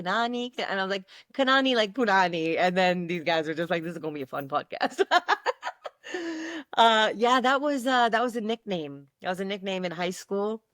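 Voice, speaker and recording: A woman comedian from Canada telling stories on a podcast, animated, laughing often and acting out quoted lines. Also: fairly low pitch, no room sound, clean studio sound. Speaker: guest comedian. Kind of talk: casual podcast storytelling.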